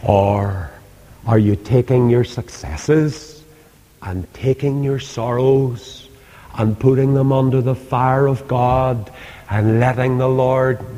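Slow impassioned preacher. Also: male voice, mid-range voice. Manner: impassioned, swings between loud pleas and hushed asides. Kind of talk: sermon. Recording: long hall reverb.

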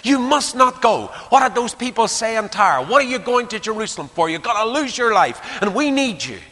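A man's voice: very animated, a little fast, sharp tone, full character voice. Man acting out tearful pleading friends. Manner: high, urgent, pleading. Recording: long hall reverb.

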